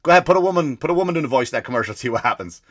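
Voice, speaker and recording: A man's voice: medium pitch, expressive, racing, dry recording, clean studio sound. A man hosting a comedy podcast, ranting profanely and firing off rhetorical questions. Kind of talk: comedic rant.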